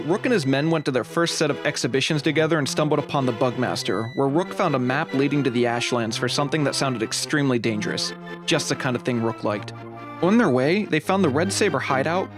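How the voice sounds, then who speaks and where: A man hosting his channel, telling an adventure story from a game playthrough in an upbeat, dramatic storytelling manner. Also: mid-range voice. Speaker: channel host and narrator.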